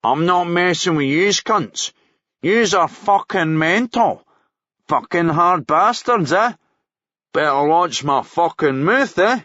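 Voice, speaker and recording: A man's voice: high-pitched, animated, takes it slowly, pushed and bright, dry recording, lo-fi sound, pitched above the performer's own voice, exaggerated voice. A man reading a novel aloud, voicing a cocky young male prisoner from Glasgow who talks in a mocking, swaggering, foul-mouthed way in a Glaswegian accent.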